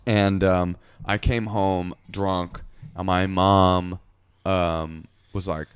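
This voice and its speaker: A man with a fairly low voice rambles through a comic story on a podcast, laughing as he goes. The sound is close and dry, with no room around him. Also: level tone, very slow, clear, resonant tone, no echo. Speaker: podcast co-host. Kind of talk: casual comedic storytelling.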